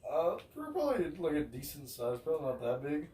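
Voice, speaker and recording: A man's voice: a little high, wildly swooping pitch, fairly quick, mellow. A young man co-hosting a podcast, telling laid-back, slangy stories among friends. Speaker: podcast co-host. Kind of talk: casual chat among friends. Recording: roomy, distant mic with faint hiss.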